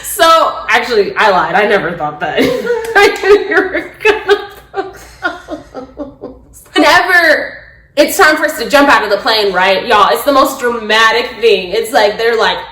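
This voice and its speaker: A young adult woman vlogger telling a story with her partner, excitable and acting out quotes with squeals and laughter. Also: fairly high pitch, unhurried, roomy sound.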